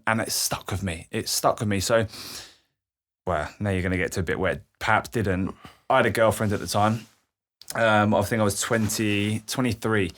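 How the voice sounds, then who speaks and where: A man's voice: lowish voice, a bit bright. A young man, a podcast guest telling a candid personal story with emotion, swearing freely. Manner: emotional, swears freely, acts out quoted voices.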